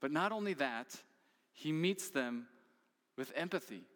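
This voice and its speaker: Bright-voiced man preaching in a hall. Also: fairly high pitch, expressive, unhurried. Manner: earnest preaching with rhetorical questions. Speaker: pastor. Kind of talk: sermon.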